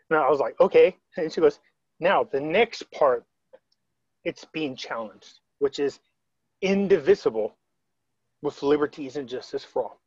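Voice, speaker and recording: A man with a somewhat high voice talks over a video call, rambling through a story and acting out what others said. The sound is dull and lo-fi. The room is dry. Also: animated, measured pace, long pauses, a little mellow, husky, no echo. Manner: rambling, retells quotes, frequent restarts. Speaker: interviewee.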